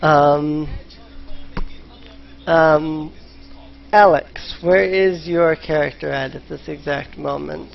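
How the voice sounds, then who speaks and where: Slow, hesitant male game master. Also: fairly high pitch, steady tone, creaky. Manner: hesitant, lots of ums and restarts. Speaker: dungeon master. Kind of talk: narrating a tabletop game. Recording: slightly muffled voice chat.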